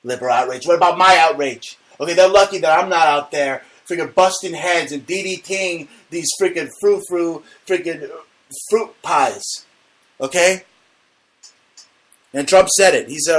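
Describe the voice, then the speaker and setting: A man hosting a comedy talk show, ranting loudly and indignantly with stammered restarts. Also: on the high side, normal speed, rough recording. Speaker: host.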